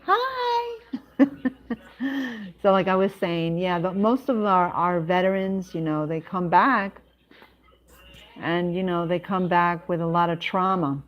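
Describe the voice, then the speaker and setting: A woman hosting her own live stream, talking casually and haltingly, with many restarts and fillers. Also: fairly low pitch, steady tone. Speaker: livestream host. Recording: dull lo-fi sound.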